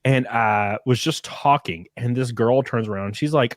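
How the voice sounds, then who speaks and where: A man's voice: mid-range voice, normal speed, no room sound, clean studio sound. A man with an Alabama accent, rambling through stories in casual chat and poking fun at himself. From rural Alabama. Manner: rambling storyteller, self-mocking, swears freely. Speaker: stream host.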